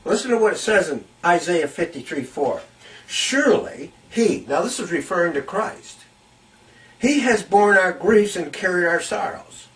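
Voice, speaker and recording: A man's voice: high-pitched, animated, normal speed, fairly bright tone, far from the mic, rough recording. A man preaching a Bible teaching sermon, reading scripture aloud and repeating key phrases to stress them.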